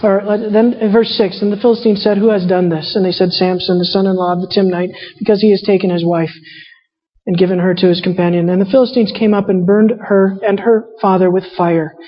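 A woman's voice: mid-range voice, steady tone, fairly quick, breathy edge. Woman preaching in an echoing hall. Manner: paraphrases characters in casual voices. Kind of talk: sermon with scripture reading. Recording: muffled sound in a reverberant hall.

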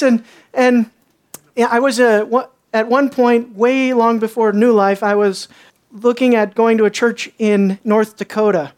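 A woman pastor preaching a sermon, telling stories and acting out the people in them. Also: moderate pace. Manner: animated storytelling, acts out characters with jumps in pitch.

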